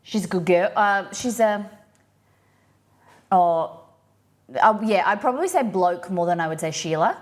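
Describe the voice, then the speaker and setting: A woman's voice: mid-range voice, expressive, measured pace, pauses often. A woman with an Australian accent hosting a live stream, chatting casually and rambling with lots of restarts as she answers viewers. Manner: acts out quoted phrases in playful voices. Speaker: livestream host. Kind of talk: casual chat reading viewer comments.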